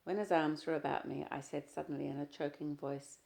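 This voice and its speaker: A woman narrating a novel in the first person, measured and expressive. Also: deep voice, creaky. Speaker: audiobook reader. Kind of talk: literary audiobook narration.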